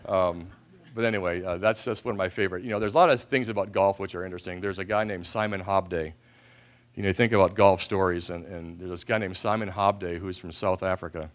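A man's voice: deep voice, steady tone, fast. A man giving a speech to an audience, telling self-deprecating humorous anecdotes and acting out the voices in them. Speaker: speaker at an event.

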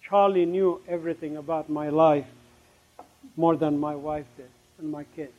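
A middle-aged man telling his testimony as a story. He speaks emphatically and acts out the remembered conversations, dropping suddenly to a hush at times. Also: on the high side, little pitch movement, normal speed. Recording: dull, lo-fi recording.

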